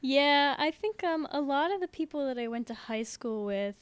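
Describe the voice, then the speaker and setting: A woman's voice: high voice, expressive, moderate pace, no echo. A woman guest on a podcast, speaking candidly in casual chat and laughing often.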